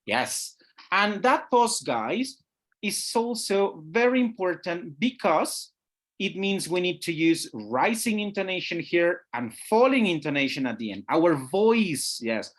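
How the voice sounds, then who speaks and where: Webinar teacher trainer, animated pitch, video call mic, keeps checking understanding. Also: a little slow. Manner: patient, checks understanding, often says "guys".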